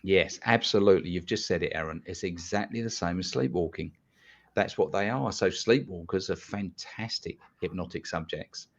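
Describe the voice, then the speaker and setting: Blunt man, low voice, lo-fi. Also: moderate pace. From London, England. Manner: blunt, animated storyteller who swears casually. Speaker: guest hypnotist. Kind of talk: casual podcast storytelling. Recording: dull lo-fi sound.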